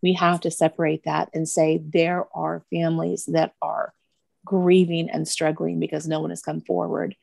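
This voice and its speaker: Middle-aged woman guest, earnest and emotional, halting storytelling, with a dark and gravelly voice. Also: low-pitched, little pitch movement, no room sound. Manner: earnest, emotional, pauses and restarts. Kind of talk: personal storytelling.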